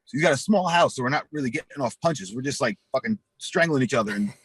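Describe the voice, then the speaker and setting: A husky man in his forties, telling rambling, profane stories as an interview guest and acting out the voices in them. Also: mid-range voice, lively intonation, fast, no room sound. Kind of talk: casual storytelling.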